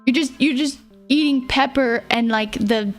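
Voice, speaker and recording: A young woman keeps a measured pace in a high voice during a casual livestream chat. Faint music sits in the background as she rambles, giggles, mumbles a little, and makes fun of herself.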